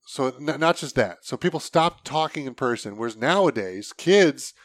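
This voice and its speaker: A man's voice: mid-range voice, lively intonation, moderate pace, dry recording. Man, casual chat, blunt and opinionated, swears a lot, dry close sound.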